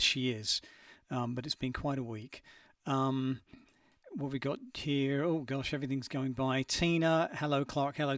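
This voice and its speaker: A man's voice: medium pitch, fairly bright tone, no echo, clean studio sound. Male host, casual stream chat, friendly and hesitant, mic a little far off. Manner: friendly, chatty, hesitant with many ums. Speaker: host reading viewer comments.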